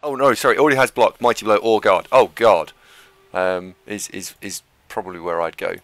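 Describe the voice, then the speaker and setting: Gravelly laid-back male co-host. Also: fairly low pitch, steady tone, fairly quick, fairly bright tone, no room sound. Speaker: stream co-host. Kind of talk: casual live-stream chat.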